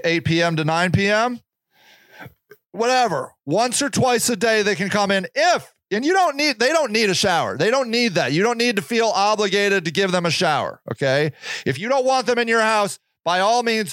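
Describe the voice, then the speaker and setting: Blunt, clear-voiced man giving advice. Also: high voice, a bit bright, dry recording. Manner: blunt, repetitive, acts out quoted people. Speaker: podcast host. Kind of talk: casual advice monologue.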